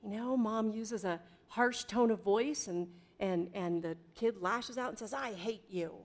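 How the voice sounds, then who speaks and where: A middle-aged woman preaching a sermon in a conversational way, with dramatic pauses and big swings in volume. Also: mid-range voice. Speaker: pastor.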